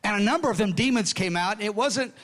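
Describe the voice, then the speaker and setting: An older man preaching in a storytelling style, conversational and animated, often dropping to hushed tones and restarting his sentences. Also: high voice, brisk. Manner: conversational, acts out dialogue, laughs often. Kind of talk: storytelling sermon with notes.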